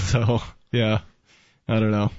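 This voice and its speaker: A man's voice: lowish voice, level tone, takes it slowly, darkish tone, no room sound. Easygoing man chatting wryly. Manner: easygoing, wry, laughs between remarks. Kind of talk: casual podcast chat. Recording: dull, muffled sound.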